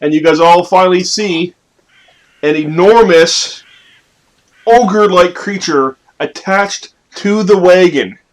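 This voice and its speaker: A man narrates as game master for a family tabletop game, his voice sitting on the higher side for a man. He keeps the telling playful and lively, with sudden loud bursts at dramatic moments. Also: takes it slowly.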